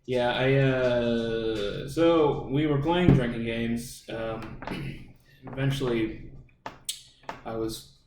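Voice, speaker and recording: A man's voice: mid-range voice, drawn-out words. A young man co-hosting a casual podcast, telling a rambling, profane story full of fillers. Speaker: podcast co-host. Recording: roomy room, distant mic, faint noise.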